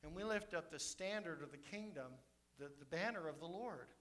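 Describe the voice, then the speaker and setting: A man preaching a sermon as pastor, swinging between fervent shouts and soft, intimate asides. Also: a little high, expressive, normal speed.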